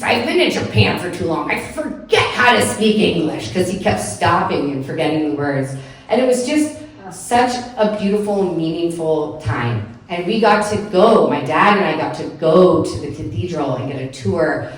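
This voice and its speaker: A woman telling a heartfelt personal story on stage at a live story slam, in an earnest way with frequent "like" fillers. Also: fairly low pitch. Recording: echoey room, picked up from far off.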